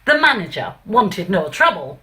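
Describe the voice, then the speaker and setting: A woman's voice: medium pitch, sing-song, moderate pace, bright, forceful tone. A woman reciting a comic monologue poem in a put-on northern English accent, after a chatty introduction full of fillers.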